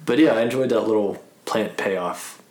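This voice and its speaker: A man's voice: lowish voice, normal speed, a little mellow, roomy sound. A man co-hosting a podcast, casually and eagerly talking through a movie with plenty of fillers. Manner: enthusiastic fan, lots of fillers. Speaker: podcast co-host.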